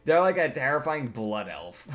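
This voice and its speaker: A man's voice: medium pitch, soft background music. A man running a tabletop game, chatting casually and laughing a lot. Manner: laughs often, quick and animated. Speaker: game master.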